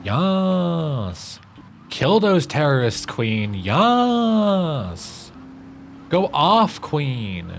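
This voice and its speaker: A man putting on a shrill, camp, high-pitched cheering voice, squealing praise. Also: big pitch swings, very slow, creaky, soft background music, heavily acted. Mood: gushing hype. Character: sassy high-voiced cheerleader hyping a queen.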